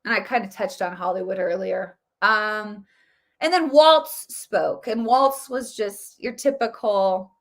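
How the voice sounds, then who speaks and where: A woman's voice: medium pitch, takes it slowly. A woman giving casual political commentary, emphatic and repeating her points. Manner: emphatic, repetitive.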